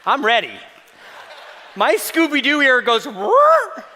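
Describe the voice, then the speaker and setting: High, bright-voiced man telling stories. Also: moderate pace, a faint crowd, slight background noise. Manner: animated, playful, mock-outraged. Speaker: keynote speaker. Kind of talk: comic storytelling talk. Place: large hall. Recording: long reverb of a large hall.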